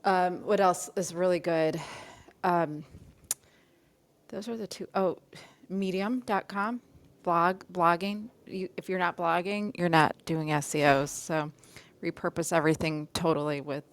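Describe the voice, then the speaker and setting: A woman joins a casual panel podcast as a guest, chatty and self-deprecating. Her voice sits slightly low, and she giggles now and then. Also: fairly even intonation, a little slow.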